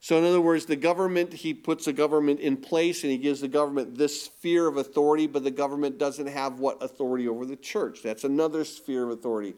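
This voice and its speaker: Guy preaching, kinda high voice, keeps asking the church questions, emphatic. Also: steady tone, fast talker, hardly any pauses, a little mellow. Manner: emphatic, asks the congregation rhetorical questions. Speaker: pastor. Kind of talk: sermon.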